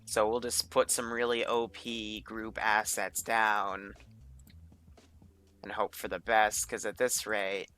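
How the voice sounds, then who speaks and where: A man's voice: on the low side, level tone, slow pace, sharp tone, slight background noise. A man running a multiplayer military game session, thinking aloud in an offhand way and swearing casually. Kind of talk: casual gameplay commentary.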